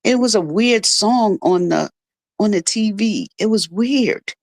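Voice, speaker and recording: A woman's voice: mid-range voice, lively intonation, a little slow, darkish tone, no room sound. A middle-aged woman, a radio guest, telling a personal story in an earnest, emotional way. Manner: earnest, emotional, restarts often. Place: radio studio.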